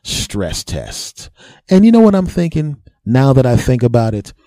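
A man's voice: medium pitch, huge pitch swings, measured pace, dark tone, no room sound, clean studio sound. A man telling a comic story on his podcast, mocking himself, chuckling at his own jokes and putting on raised voices for other people. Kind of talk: comedic storytelling monologue.

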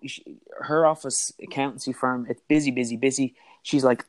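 A man's voice: medium pitch, fairly even intonation, a little fast, few pauses. An Irish man, a guest in an interview, candidly retelling a personal story with frequent restarts and quoted dialogue.

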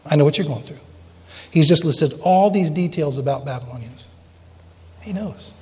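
A man preaching a sermon as pastor, earnest and dramatic, dropping to hushed tones at times. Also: on the high side, animated, normal speed, big-room sound.

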